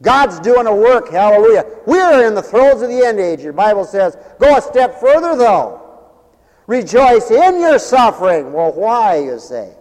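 A fervent male preacher with a high voice delivers a revival sermon, his words rolling out in rhythmic repetition. He swings between ringing exclamations and low muttered asides. The sound rings with the long reverb of a church hall. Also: sing-song, unhurried, a little mellow. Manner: repetitive, rhythmic phrasing with interjected hallelujahs.

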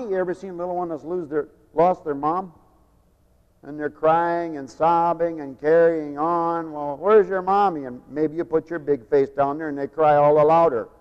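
A man preaching a sermon, turning emphatic on key phrases and dropping quieter for personal stories. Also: fairly high pitch, moderate pace, clear, resonant tone. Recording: dull lo-fi tape in a long-echo hall.

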